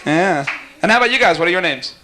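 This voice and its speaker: A man warming up a live talk show audience, teasing guests and cracking quick jokes. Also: high-pitched, animated, noisy background. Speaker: talk show warm-up host. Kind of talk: jokey stage banter with audience.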